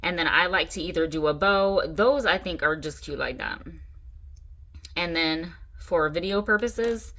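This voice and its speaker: A woman hosting a casual crafting tutorial, chatty and excitable, gushing over her supplies. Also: lowish voice, a little slow. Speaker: craft channel host.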